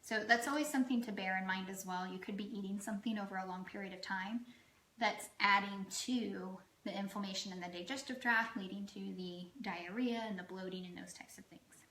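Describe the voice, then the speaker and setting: Chatty woman health coach, bright voice. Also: mid-range voice, fairly even intonation, a little fast, reverberant, low-quality recording. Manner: chatty, frequent "um" fillers, self-deprecating asides. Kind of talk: casual educational talk to camera.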